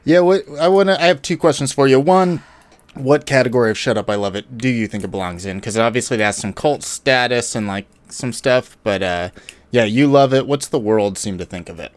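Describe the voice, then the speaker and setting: Male host, smooth lowish voice, laid-back questions, dry close sound. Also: brisk, no room sound. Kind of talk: casual podcast chat.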